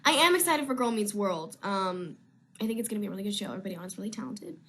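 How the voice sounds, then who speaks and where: A woman's voice: mid-range voice, animated, very fast, fairly bright tone, husky. A young woman actress chatting casually on a live video stream from home, answering fan questions in a rambling, easily sidetracked way.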